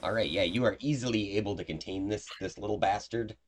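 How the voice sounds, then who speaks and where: A man's voice: fairly low pitch, fast talker, slight background noise. A man narrating as the game master of a tabletop game, in a loose, chatty way with fillers.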